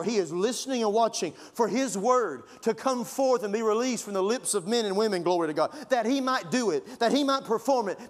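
Fervent male pastor, high-pitched. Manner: fervent, conversational preaching with rising emphasis. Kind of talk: sermon. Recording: long reverb of a large hall.

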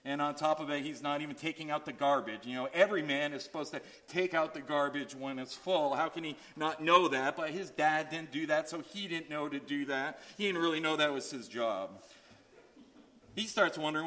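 A man delivers a sermon in a slightly raised voice. He tells a story and acts out each person's lines, rising high for the excited parts and dropping low for the heavy ones. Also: normal speed. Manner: storytelling with acted-out voices, animated swings in pitch. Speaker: pastor.

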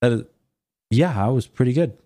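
Mellow-voiced young man, defensive banter. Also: medium pitch, brisk. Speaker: podcast co-host. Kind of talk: casual chat.

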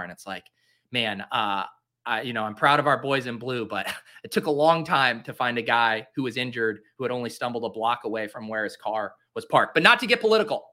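A man's voice: mid-range voice, bright, forceful tone. A man in his late twenties, a podcast host from the Boston area, giving casual live commentary, rambling, joking and breaking into theatrical, self-pitying rants.

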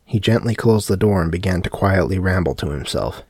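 A man narrating a dark horror story in a steady audiobook reading. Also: deep voice, fairly quick, breathy edge, dry recording, clean studio sound.

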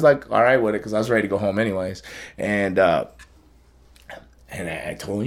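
A man's voice: fairly low pitch, animated, a little fast, gravelly. A man hosting a podcast, telling stories in a rambling, casual way with many restarts and laughs. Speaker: podcast host. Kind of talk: casual storytelling chat.

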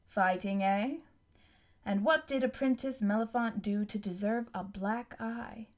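A woman reading aloud, voicing a kindly middle-aged male explorer with a gently teasing manner. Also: medium pitch, measured pace, close to an everyday voice.

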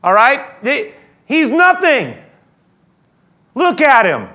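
A man's voice: extremely high pitch, huge pitch swings, takes it slowly, pushed and bright, voice pushed up, heavily acted. A man acting out a frustrated Roman governor who pleads and argues with an angry crowd. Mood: exasperated. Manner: pleading, exasperated declaring.

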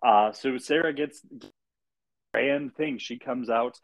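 A man's voice: mid-range voice, takes it slowly, low-quality recording. A man co-hosting a podcast in casual chat, recapping a TV episode with dry, wry asides. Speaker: podcast co-host.

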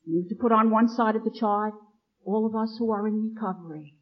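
A woman's voice: on the high side, a little fast. A middle-aged nun telling her own recovery story to a meeting, acting out the lines of the people in it. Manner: lively storyteller, acts out quoted lines. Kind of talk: personal recovery talk to an audience. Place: meeting hall, addressing an audience. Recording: dull lo-fi archival recording.

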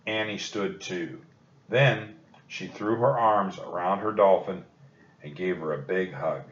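A man with a lowish voice reads a children's book aloud in a calm, steady way. The recording is roomy and echoey, with a dull, lo-fi tone. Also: measured pace. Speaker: storybook reader.

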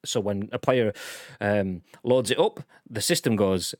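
A man's voice: lowish voice, expressive, unhurried, dry recording, studio quality. A young man co-hosting a live stream, reading out chat and bantering in a rambling, playful way.

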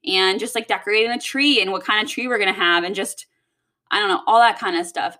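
Young woman vlogger, bright and sharp tone, rambling casual venting full of cussing. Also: mid-range voice, fast talker. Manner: rambling and heavy on swearing.

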